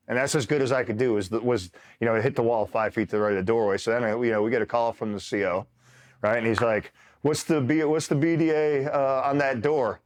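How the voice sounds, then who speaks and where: A man, a retired Marine, telling combat stories in a casual, laughing way and acting out what others said. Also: medium pitch. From New York. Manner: laughing, animated, acts out quotes. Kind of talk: casual storytelling.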